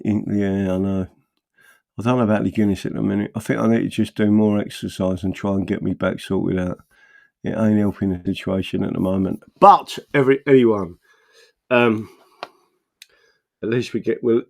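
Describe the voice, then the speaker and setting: Man, middle-aged, low gravelly voice, rambling livestream host, animated bursts and muttering. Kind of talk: casual livestream chat reading viewer comments.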